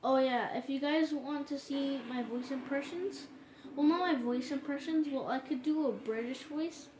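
A woman hosting her own gaming channel, giving casual gameplay commentary full of excited exclamations. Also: high-pitched, moderate pace. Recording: roomy echo with steady background noise.

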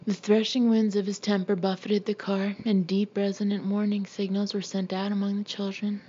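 A woman narrating a novel as an audiobook in a steady, even reading voice. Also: mid-range voice, normal speed, breathy edge, lo-fi sound. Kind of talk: scripted narration.

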